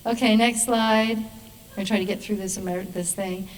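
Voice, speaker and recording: A woman who works as a midwife, telling lively stories to an audience in a hall and acting out the voices in them. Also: mid-range voice, moderate pace, distant mic. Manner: animated, acts out voices in her stories, laughs. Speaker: midwife giving a talk. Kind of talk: storytelling presentation to an audience. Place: performing arts hall stage.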